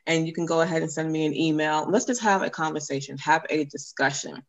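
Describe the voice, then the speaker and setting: A woman guest on a podcast, a forgiveness coach, speaking earnestly and encouragingly and spelling details out slowly. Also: deep voice, steady tone.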